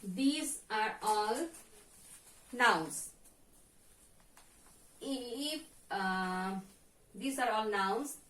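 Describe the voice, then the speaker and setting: A woman's voice: medium pitch, drawn-out words, long pauses, a bit bright. A woman teacher with a Bangladeshi accent, giving a lesson and repeating each word several times as a pronunciation drill. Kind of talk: slow classroom lesson. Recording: echoey room from far off.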